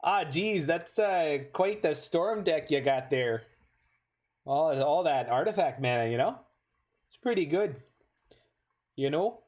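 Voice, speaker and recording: A man's voice: a little high, darkish tone. A man putting on a folksy exaggerated Canadian guy. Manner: exaggerated drawling "eh" and "jeez" delivery.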